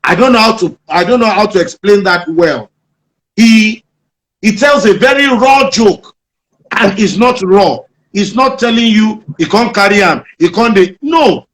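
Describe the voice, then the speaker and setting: A Nigerian comedian talks through his craft in an interview, slipping readily into acted-out stories. His male voice sits fairly high, and his Nigerian accent colors every line. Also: measured pace, rough recording. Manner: animated storyteller, acts out jokes. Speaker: comedian guest. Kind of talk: interview storytelling.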